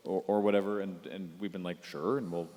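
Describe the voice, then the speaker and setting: Male panelist, casual and rambly, slightly low voice, miked in a reverberant convention hall. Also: fairly even intonation, fairly quick, mellow. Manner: rambling, chatty, lots of fillers and restarts. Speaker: panelist on a live comedy web show panel. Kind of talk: casual live panel chat. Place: large convention hall stage.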